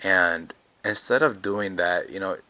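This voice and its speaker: Male host of a casual explainer, slightly low and bright tone, dry sound, relaxed with lots of fillers. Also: measured pace, no room sound. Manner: relaxed, frequent "you know" and "right?" fillers. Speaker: video host teaching communication. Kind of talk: casual self-help explainer.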